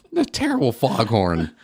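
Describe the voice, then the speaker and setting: A man's voice: medium pitch, a little mellow, a little hiss or hum. A tired man hosting a podcast, talking in blunt, combative, profane casual banter. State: tired from lack of sleep. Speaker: podcast host.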